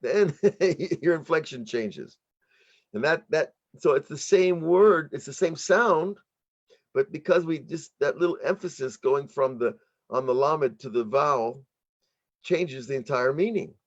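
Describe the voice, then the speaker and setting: An American man, a middle-aged rabbi, teaching an online workshop in an explanatory, halting way with frequent restarts. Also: on the high side, expressive, lo-fi sound. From United States.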